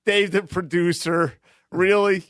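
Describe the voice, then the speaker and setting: A man co-hosting a podcast in casual chat, chiming in with quick quips. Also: high voice, steady tone, fairly bright tone, dry recording, clean studio sound. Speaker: podcast co-host.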